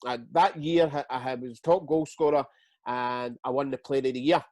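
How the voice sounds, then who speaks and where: A Scottish man in his forties, a guest telling stories in a casual interview, halting and repeating words as he goes. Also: mid-range voice, no echo. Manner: lively storyteller. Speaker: guest, retired footballer.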